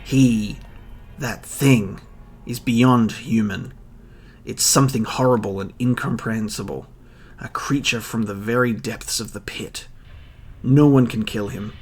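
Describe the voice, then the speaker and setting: A man voicing a panicky, middle-aged male town mayor while reading a manga aloud, with a shrill, pleading, nervous delivery. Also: measured pace, breathy edge, soft background music. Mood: fearful.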